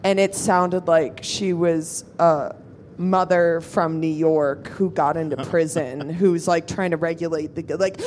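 A woman's voice: fairly low pitch, steady tone, unhurried, darkish tone, a little hiss or hum. A woman telling a rowdy, profane story at a live show, acting out her friends' voices as she goes. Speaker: storyteller guest.

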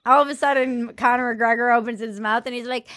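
Woman podcast host, sarcastic and laughing, slightly high voice. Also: steady tone, a little fast, a bit bright, no echo, clean studio sound. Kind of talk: casual comedic chat.

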